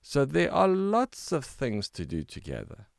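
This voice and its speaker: A man's voice: fairly high pitch, huge pitch swings, a little slow, gravelly, no room sound, studio quality, pitched above the performer's own voice, full character voice. A man doing a curious, friendly young frog. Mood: delighted. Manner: curious, eager questions.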